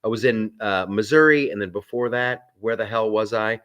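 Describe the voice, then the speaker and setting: A man's voice: fairly low pitch, moderate pace, fairly bright tone. A man hosting a live stream from a film set. He chats casually, reads out viewer comments and rambles with restarts and asides.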